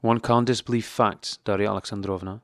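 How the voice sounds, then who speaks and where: A man reading the part of a cold, formal, wounded husband in an audiobook, in a measured tone. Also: on the low side, fairly even intonation, dry recording, clean studio sound, lightly acted. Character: cold, stiff, wounded middle-aged husband.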